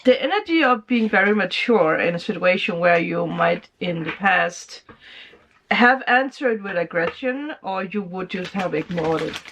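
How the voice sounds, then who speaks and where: A woman's voice: lowish voice, fairly bright tone, a little hiss or hum. Chatty woman reading tarot. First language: Danish. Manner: chatty, laughs often, acts out quoted reactions. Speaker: tarot reader. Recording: slightly dull lo-fi sound.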